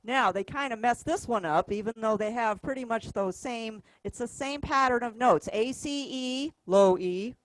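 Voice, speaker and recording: A woman's voice: on the high side, moderate pace, hardly any pauses, a bit bright, rough recording. A woman teaching a music workshop, patiently explaining rhythms by counting and singing the notes aloud. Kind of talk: classroom instruction. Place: music store classroom.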